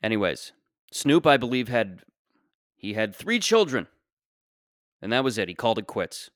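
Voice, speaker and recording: A man's voice: medium pitch, sing-song, moderate pace, a bit bright, no echo, studio quality. A young man hosting a podcast, telling a comic story in a rambling, digressive way that keeps trailing off. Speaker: podcast host. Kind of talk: comedic solo storytelling.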